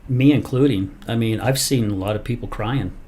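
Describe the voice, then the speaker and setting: A man in casual podcast chat, retelling a story with a lot of energy. He slips into the voices of the people he quotes as he talks. His pitch sits right in the middle. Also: normal speed, slight background noise. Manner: animated storyteller, acts out quoted lines. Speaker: podcast host.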